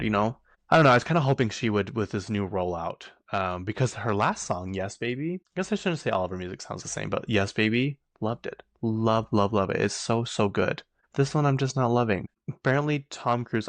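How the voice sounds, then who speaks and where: A man hosting his own podcast, talking casually in a chatty, animated way and laughing often. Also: fairly low pitch, no room sound. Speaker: podcast host. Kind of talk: casual solo chat.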